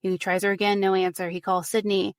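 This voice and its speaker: A woman telling a true crime case on a podcast in a casual, animated way, filled with "like" and "you know". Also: medium pitch, fairly quick, no echo, studio quality. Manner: animated retelling, frequent "like" and "you know", acts out quotes. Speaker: podcast guest recounting a case.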